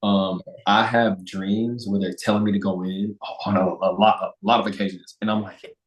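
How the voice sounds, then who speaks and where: Young man, low voice, casual storyteller, high-pitched quotes, roomy echo. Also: level tone, normal speed. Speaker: guest, NFL player. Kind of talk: casual interview chat.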